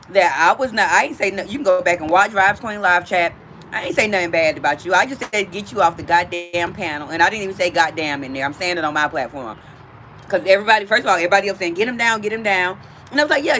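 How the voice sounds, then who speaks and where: A woman's voice: mid-range voice, fast, a bit bright, a little hiss or hum. A woman hosting a casual livestream from outdoors, chatting directly with her viewers. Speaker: livestream host.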